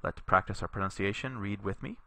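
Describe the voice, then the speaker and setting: A man teaching a Latin lesson in a recorded tutorial, reading sentences slowly for learners to repeat and explaining patiently with a few fillers. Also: lowish voice, pushed and bright. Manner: slow, deliberate reading aloud for learners to repeat.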